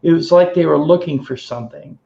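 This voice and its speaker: Easygoing guy hosting a video call, raspy-ish, roomy sound. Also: on the high side, a little fast, mellow, dull audio. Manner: easygoing, laughs often. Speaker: host. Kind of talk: casual panel chat and clip narration.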